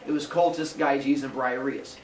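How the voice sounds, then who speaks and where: A man teaching a class, telling a myth in a comic way and jumping into quick character voices. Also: mid-range voice. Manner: animated, jokey, acts out characters in quick voices. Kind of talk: comic storytelling lesson. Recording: roomy echo from far off with faint noise.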